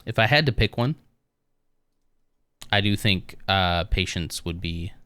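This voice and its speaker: Deep-voiced guy chatting on his live stream, laid back, lots of uhs and you knows. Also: expressive, unhurried, bright, forceful tone, clear, resonant tone, no echo. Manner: easygoing, rambling with many fillers. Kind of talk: casual live-stream chat.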